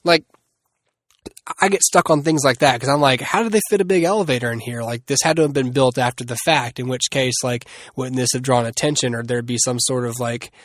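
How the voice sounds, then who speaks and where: A man's voice: mid-range voice, steady tone, normal speed, fairly bright tone, no echo, studio quality. A man hosting a solo movie review podcast, rambling and restarting often with many fillers. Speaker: podcast host.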